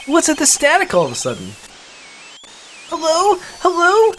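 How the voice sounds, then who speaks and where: A woman's voice: extremely high pitch, wildly swooping pitch, moderate pace, a little hiss or hum, pitched above the performer's own voice, exaggerated voice. A woman voicing a flustered young male defense attorney, anxious and pleading, in a fan dub of a game. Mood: alarmed.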